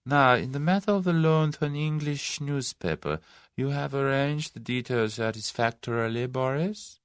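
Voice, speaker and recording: A shadowy mastermind with a soft, hissing, sibilant voice, voiced by a male audiobook narrator. He sounds quiet and dangerous, pitched a little higher than the narration, in a dry close sound. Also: expressive, moderate pace, clean tone, no echo, lightly acted. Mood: menacing. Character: shadowy crime boss Number One, soft, menacing man.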